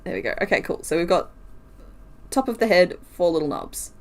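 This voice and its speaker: A woman's voice: lowish voice, big pitch swings, fairly quick, darkish tone. A woman streaming while she crochets, talking casually, counting stitches aloud and answering her chat.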